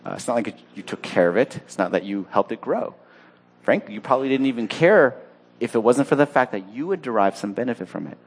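A man voicing a patient male deity who gently reasons with and chides a sulking prophet, inside a sermon. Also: medium pitch, fast, husky, voice pushed down. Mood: chiding. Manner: calm, reasoning, mildly reproachful.

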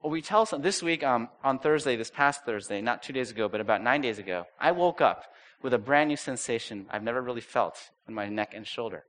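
A middle-aged man preaching a sermon as pastor, telling lively stories and acting out quotes. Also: mid-range voice, brisk. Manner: animated storytelling with acted-out quotes.

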